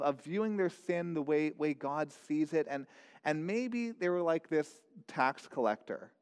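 A man's voice: fairly high pitch, clean tone. Male pastor preaching, earnest and searching, with a long hall reverb on the voice. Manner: earnest, repeats words, asks searching questions. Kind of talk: sermon.

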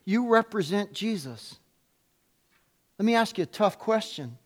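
A man with a strikingly high voice delivers a sermon. He speaks at an unhurried, deliberate pace and turns to his listeners with direct questions. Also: animated. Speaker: preacher.

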